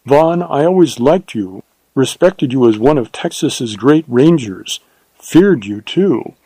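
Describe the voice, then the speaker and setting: A man's voice: medium pitch, expressive, takes it slowly, warm tone, slightly rough, no echo, exaggerated voice, low-quality recording. A man reading an audiobook, voicing a spirited, imperious young woman in a raised, lilting voice. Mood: earnest.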